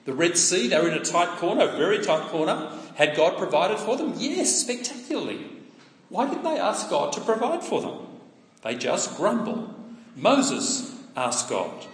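A man with a high voice and big pitch swings preaches at a moderate pace, keeping it conversational and putting rhetorical questions to his listeners. Long reverb fills the echoey hall.

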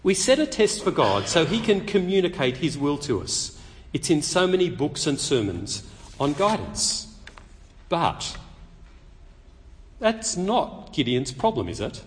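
A man preaching a sermon, telling the story lively and acting out the quotes. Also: fairly high pitch, unhurried, long reverb tail, a little hiss or hum.

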